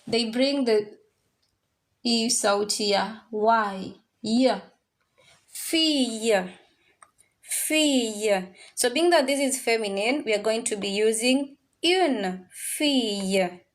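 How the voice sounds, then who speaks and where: Slow, high-voiced woman teaching French. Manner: slow, repetitive drilling of words; mixes in Swahili phrases. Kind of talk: classroom language lesson.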